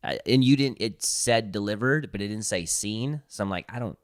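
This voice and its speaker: A man's voice: lowish voice, normal speed, clear, resonant tone, no echo, studio quality. Rambling man, guest on a casual podcast. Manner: rambling, teasing storytelling. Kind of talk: casual chat.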